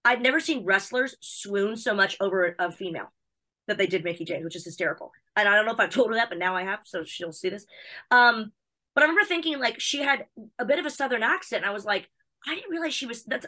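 A woman from the United States, a wrestling personality chatting as an interview guest, bubbly, excitable and chatty. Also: mid-range voice, fast. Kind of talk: casual chat.

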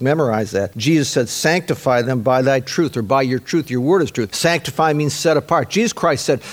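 Emphatic preaching man, slightly high voice. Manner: emphatic preaching with slow stressed phrases and quoted dialogue. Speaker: pastor. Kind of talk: sermon.

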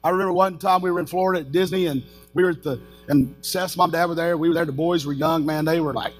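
A middle-aged man preaching as pastor, his voice high and slightly husky. He tells personal stories with animation, acting out the shouted lines he quotes, while faint music plays behind him. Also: fairly even intonation, quick pace.

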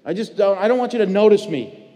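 A pastor preaching a sermon, telling personal stories in a conversational way with many fillers and restarts. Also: male voice, high-pitched, expressive, fast talker, warm tone. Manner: conversational storytelling with frequent fillers. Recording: long church hall reverb.

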